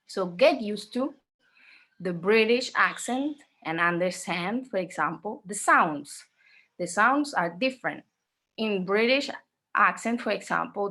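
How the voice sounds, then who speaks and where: A woman with a mid-range voice leads an online exam-prep lesson. She speaks slowly and repeats key points. She keeps checking in with her students by asking "okay?". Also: medium pitch, a bit bright. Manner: slow, repetitive, checks in with "okay?". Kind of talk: online class lecture.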